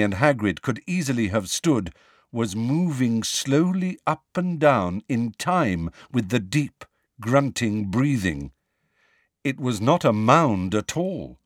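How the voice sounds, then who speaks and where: A man reading a fantasy novel aloud as an audiobook narrator, measured and expressive. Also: medium pitch, dry recording. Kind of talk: scripted narration.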